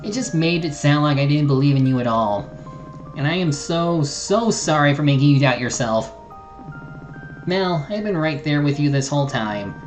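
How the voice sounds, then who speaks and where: A woman's voice: deep voice, animated, normal speed, faint music behind, low-quality recording. A streamer voicing an earnest, remorseful young woman adventurer, reading game dialogue aloud with small slips and restarts. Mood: apologetic.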